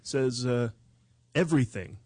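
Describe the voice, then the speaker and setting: Male host, mid-pitched, dry close sound, deadpan joker. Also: moderate pace, no echo. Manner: jokey, deadpan asides. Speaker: show host. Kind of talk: comic banter on a movie talk show.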